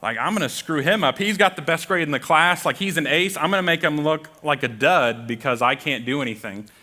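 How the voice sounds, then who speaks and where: Bright-voiced young man preaching. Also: a little high, a little fast. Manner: self-deprecating, humorous storytelling. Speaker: guest preacher. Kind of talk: sermon with a personal story. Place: church auditorium.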